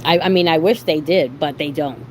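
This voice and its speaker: A woman's voice: low voice, normal speed, a little hiss or hum, low-quality recording. A woman with a Boston accent chatting casually to her livestream viewers, rambling and restarting her sentences as she tells stories. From Boston, Massachusetts. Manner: rambling, animated storytelling with frequent restarts. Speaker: livestream host.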